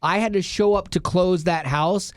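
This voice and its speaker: Male podcast co-host, earnest storyteller, a bit high-pitched, dry close mic. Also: moderate pace, dry recording. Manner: earnest storytelling with many restarts. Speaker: radio show co-host. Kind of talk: casual podcast chat.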